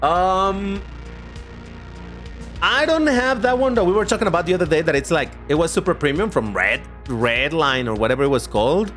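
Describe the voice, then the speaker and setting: Faint music plays behind a man streaming games casually, who chats in a rambling way and responds aloud to his viewers as he plays. His voice is a little high and a bit bright, with lively intonation and a moderate pace.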